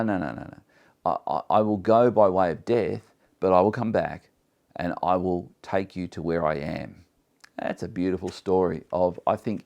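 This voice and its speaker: A man's voice: sits low, gravelly, darkish tone. A man teaching a Bible study, earnest and emphatic, reading scripture and then explaining it with some restarts.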